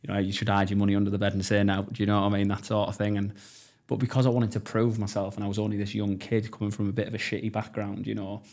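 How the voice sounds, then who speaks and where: A man's voice: lowish voice, monotone, racing, few pauses, darkish tone. A man in his thirties with a North East English accent, a podcast guest telling his story bluntly and enthusiastically, swearing freely. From North East England. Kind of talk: casual storytelling interview.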